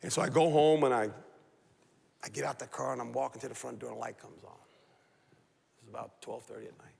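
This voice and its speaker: A man, a football coach, telling a lively story on a talk show and laughing as he goes. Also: medium pitch, quick pace, creaky, slightly rough. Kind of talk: animated anecdote on a TV talk show. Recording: long hall reverb.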